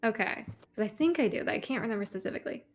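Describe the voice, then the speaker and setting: A woman's voice: mid-range voice, expressive, rapid-fire, a loud crowd. A woman player in casual chat at a tabletop game, asking eager questions.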